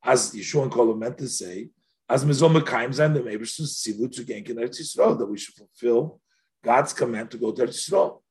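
Briskly, with a medium-pitched and slightly mellow voice, a Torah teacher works through a text-study lesson. He asks questions aloud, his voice going up with each, and slips in Yiddish and Hebrew phrases.

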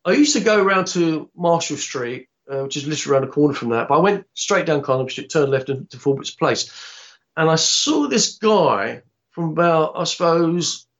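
A man, telling a long anecdote in a rambling, halting way with many restarts. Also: fairly high pitch, expressive, fairly bright tone, muffled recording. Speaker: interviewee, film actor. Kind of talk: casual anecdotal storytelling.

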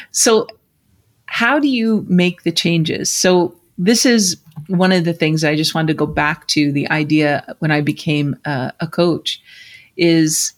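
A woman's voice: sits low, slow pace. A middle-aged woman, a life coach hosting a podcast, tells a personal story conversationally and acts out the people in it. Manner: animated, acts out quoted voices.

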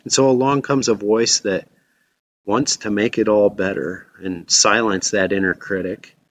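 A man's voice: fairly low pitch, steady tone, measured pace. A man preaching a reflective sermon as a pastor.

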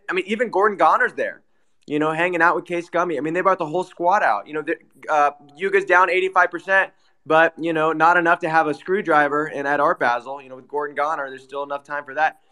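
A man's voice: fairly high pitch, pushed and bright. A man hosting a casual chat, teasing guests in an ironic way. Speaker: host.

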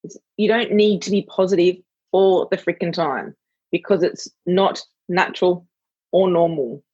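Husky woman host, dull lo-fi sound. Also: fairly low pitch, unhurried, darkish tone. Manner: effusive, heartfelt, storytelling. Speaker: podcast host, mother. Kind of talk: conversational podcast interview. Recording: dull lo-fi, dry.

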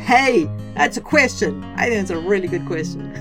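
A woman's voice: mid-range voice, animated, normal speed, music in the background. A woman hosting a family storytelling podcast, narrating and then chatting in a bubbly, upbeat way.

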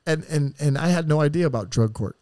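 Speaking fast in a slightly high voice with no room sound, this San Diego-area man shares his life story as a podcast guest. His candid storytelling is blunt and profane, and he animatedly performs the voices of the people in it.

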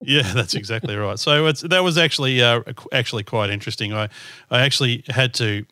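A man's voice: mid-range voice, a little fast, bright, forceful tone, dry recording, clean studio sound. A man from southern Australia with an Australian accent, co-hosting a podcast in casual chat, laughing often and using many fillers. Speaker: podcast co-host.

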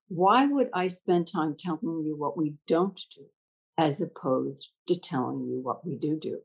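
A woman's voice: on the low side, normal speed, gravelly, husky, low-quality recording. An older woman who leads a school, telling stories in a reflective conversation and acting out the dialogue in her anecdotes. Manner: animated, acts out dialogue in anecdotes. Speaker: school leader.

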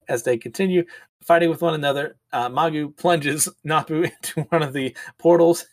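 A man's voice: a little high, no room sound. A man casually reading comics aloud and commenting, chatty and often laughing. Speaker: manga reviewer.

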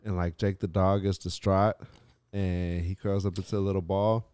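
A man's voice: low voice, little pitch movement, moderate pace, a little mellow, clean tone, no room sound. A man co-hosting a casual, crude podcast chat, rambling with many fillers and laughing often. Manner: rambling, laughs a lot, sings songs. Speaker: podcast co-host.

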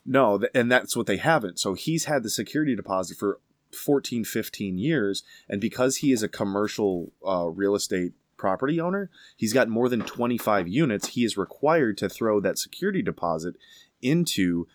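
A man casually telling a story with emphatic, animated delivery. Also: fairly low pitch, normal speed, no echo.

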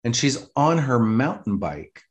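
A man co-hosting a podcast, chatting casually and telling relaxed stories. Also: medium pitch, unhurried. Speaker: podcast co-host. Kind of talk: casual chat.

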